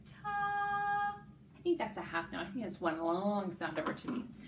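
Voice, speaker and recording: During a lesson in a classroom with a board, a woman sings rhythm syllables and explains them to children in a warm, coaxing teacher voice. Her pitch is fairly low and her pace fairly quick, and the room sounds roomy with a noisy background.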